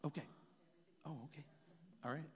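A man's voice: fairly high pitch, steady tone, normal speed. A man giving an informal, rambling sermon in a conversational way, often asking "right?". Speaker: preacher. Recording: reverberant hall with soft music.

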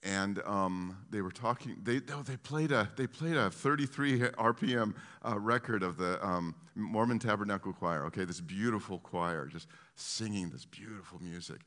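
A man preaching a sermon who tells his stories in an animated way, often stopping and restarting his sentences. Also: fairly low pitch, normal speed, hardly any pauses. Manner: animated storytelling with many restarts. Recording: long reverb of a large hall.

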